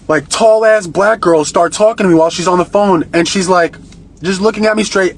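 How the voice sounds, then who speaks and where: A man telling a long story on a phone livestream, in a profane, rambling and excitable way. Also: high voice, slight background noise. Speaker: live-streamer. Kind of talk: casual live-stream storytelling.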